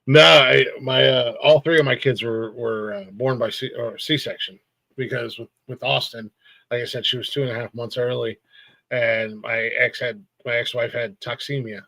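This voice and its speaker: Gravelly-voiced man rambling with fillers. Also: mid-range voice, steady tone, bright, forceful tone, no echo, rough recording. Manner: rambling, halting with many fillers. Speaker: podcast co-host. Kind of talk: casual podcast chat.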